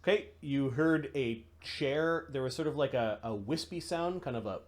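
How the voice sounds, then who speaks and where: A man's voice: medium pitch, normal speed. A man running a tabletop game as game master, describing scenes in a loose, casual way. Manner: descriptive, loose, laughing narration.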